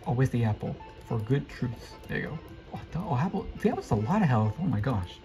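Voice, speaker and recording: A young man giving live, excitable commentary while playing a video game, often repeating quick exclamations. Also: mid-range voice, soft background music, low-quality recording. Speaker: gameplay streamer.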